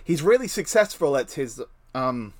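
A man co-hosting a podcast, talking in a casual, opinionated way and swearing casually. His pitch sits a little high and moves in a lively, animated way. He often restarts his sentences with "like". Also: normal speed. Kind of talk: casual chat.

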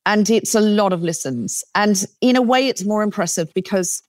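A woman from Australia with a British accent with a faint Australian trace, talking as a guest comedian in an animated, self-deprecating way. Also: mid-range voice, moderate pace, no room sound, studio quality. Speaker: comedian and podcast host, guest. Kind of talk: casual interview talk.

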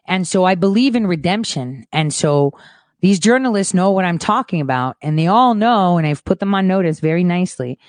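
A woman hosting her own show and ranting in a frustrated monologue, lower-pitched than most women. She swears freely and swings between quiet, muttered asides and loud, boastful outbursts. The sound is close and dry, with no room echo. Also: lively intonation, fairly quick. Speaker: host.

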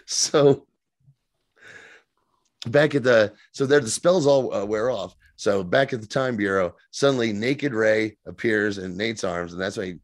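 Low-voiced man recapping a show, profane. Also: measured pace, long pauses, no room sound. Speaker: podcast co-host. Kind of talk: casual podcast chat.

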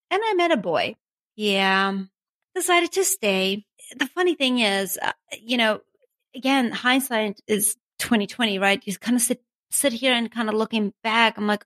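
A woman's voice: on the high side, animated, moderate pace, a bit bright, no room sound. Chatty woman. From Armenia. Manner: chatty, many asides like "you know" and "right?", laughs at herself. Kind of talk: casual storytelling.

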